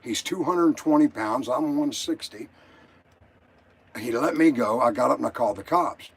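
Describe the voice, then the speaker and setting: A man's voice: mid-range voice, normal speed, husky. An older man calling in to a show, telling his story in an agitated, rambling way and swearing often. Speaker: caller. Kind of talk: emotional call-in story.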